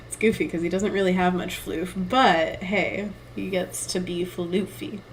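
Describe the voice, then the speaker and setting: A woman's voice: fairly low pitch, takes it slowly, darkish tone, a little hiss or hum, poor audio. A young woman artist streaming live, thinking aloud and reading chat in a giggly, self-deprecating way. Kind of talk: casual live-stream chat while painting.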